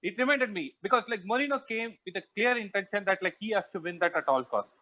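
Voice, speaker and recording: Man, high-pitched, casual fan podcast co-host, rambling chatty delivery. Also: lively intonation, fast talker, bright, forceful tone, rough recording. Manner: chatty, heavy use of "like" fillers. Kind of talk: casual football chat.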